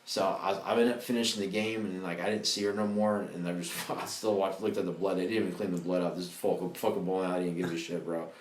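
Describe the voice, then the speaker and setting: A man's voice: fast talker, hardly any pauses, crowd noise. A man in his thirties telling rambling, profane stories on a casual comedy podcast, full of slang. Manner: profane, rambling, slangy, bursts into high excited voices for quotes. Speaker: podcast host. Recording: roomy echo.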